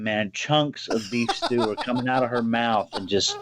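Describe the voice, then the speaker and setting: A man who works as a bail bondsman, telling a story in a profane, animated way over a video call and acting out every character. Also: mid-range voice, normal speed, hardly any pauses, very noisy. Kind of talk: casual storytelling.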